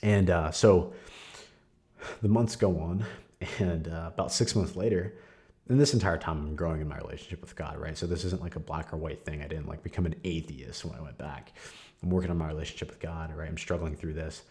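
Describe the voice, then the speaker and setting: A young man hosting a podcast, sharing a candid personal testimony in a casual, conversational way with frequent fillers and soft laughs. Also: rumbling low, fairly even intonation, a little fast. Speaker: podcast host.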